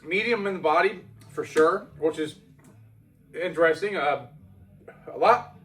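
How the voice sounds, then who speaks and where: A man's voice: a little high, measured pace, fairly bright tone, faint music behind. A man casually reviewing his own homebrew beer, rambling and correcting himself as he talks. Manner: rambling, self-correcting, chatty.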